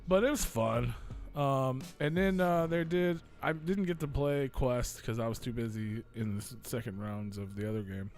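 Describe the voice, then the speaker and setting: A man's voice: mid-range voice, moderate pace, faint music behind. A man hosting a casual radio talk show, telling a long rambling story full of swearing. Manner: rambling storytelling, swearing, acts out quoted voices loudly. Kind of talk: casual chat.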